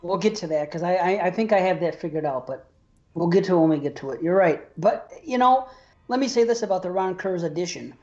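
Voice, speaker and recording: Excitable laughing male podcast host. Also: sits high, a little fast, muffled recording. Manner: excitable, laughs often, restarts. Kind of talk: casual chat.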